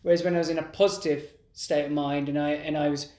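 A man's voice: on the high side, flat delivery, fast, a little mellow. A middle-aged man in casual podcast conversation, talking in loose, rambling sentences full of restarts. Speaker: podcast co-host. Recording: roomy echo.

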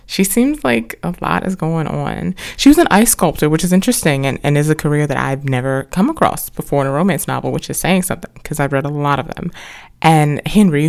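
Chatty woman with a gravelly fry. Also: low voice, a little mellow. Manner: chatty and rambling, with many restarts and wry asides. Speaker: podcast host reviewing books. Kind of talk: casual spoken book review.

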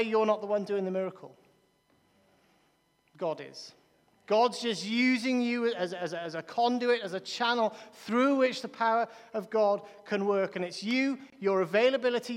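A man preaching a sermon in a church, emphatic and repeating key phrases, with quick restarts. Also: high-pitched. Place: large church hall. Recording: long reverb of a large church hall.

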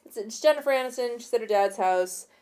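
A woman's voice: on the high side, fast, darkish tone. A woman co-hosting a casual chat, recapping a film and acting out its characters in exaggerated voices, swearing freely. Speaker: podcast co-host.

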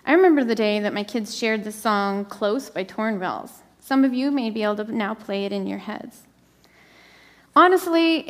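A middle-aged woman delivers a sermon in a church sanctuary, her higher voice ringing with a long hall reverb. She speaks slowly and deliberately. She often sinks into a soft whisper to press a point home. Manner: slows and drops to a soft whisper for emphasis. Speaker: preacher.

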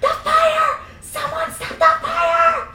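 A woman's voice: fairly high pitch, fairly even intonation, slow, pitched above the performer's own voice. A woman voicing a frightened teenage girl in agony, who whimpers weakly and then screams shrilly, reading from a novel in an echoey room. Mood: screaming.

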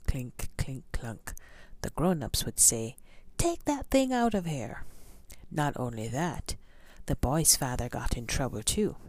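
A woman storyteller reading a storybook aloud to children, expressive, with sound effects and questions for her listeners. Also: extremely low pitch.

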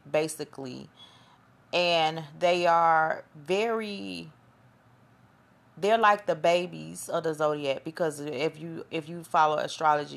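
A woman's voice: sits low, vocal fry. A woman hosting a podcast in a chatty, rambling monologue, often losing her train of thought. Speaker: podcast host. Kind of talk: casual monologue commentary.

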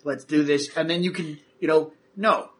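A stern, impatient construction boss barks clipped orders in a bright, forceful voice pitched a touch high, as a man puts him on for a tabletop game. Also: fairly even intonation, moderate pace, lightly acted.

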